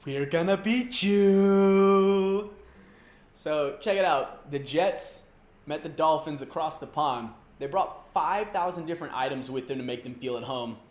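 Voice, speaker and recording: A man's voice: on the high side, normal speed. A man hosting a comedic sports rant, loose and slangy, mocking and rambling. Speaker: comedy sports show host. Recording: roomy echo.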